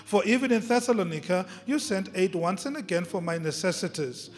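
A man's voice: high voice, animated, brisk. A male pastor preaching a sermon with emphasis, repeating key phrases and drawing out words. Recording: long reverb of a large hall, faint music.

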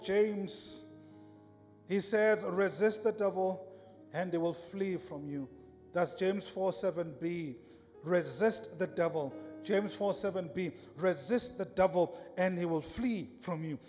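A male preacher giving a sermon in a church, emphatic and repetitive, building to shouts. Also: high voice, in a large hall.

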